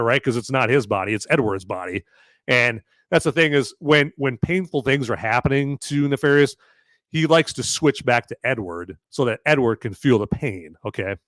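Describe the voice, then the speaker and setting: Man, podcast host, rambling live recap, middle pitch, dry close mic. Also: fairly bright tone, dry recording. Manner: rambling, filler-heavy, keeps asking "okay?". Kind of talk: casual live-stream recap.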